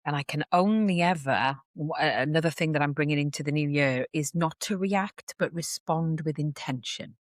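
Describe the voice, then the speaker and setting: A woman's voice: sits low, normal speed, few pauses, dry recording, studio quality. A woman, a podcast guest chatting casually and animatedly, often acting out what others say. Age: 40s. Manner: animated storyteller who acts out others' voices. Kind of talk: casual chat.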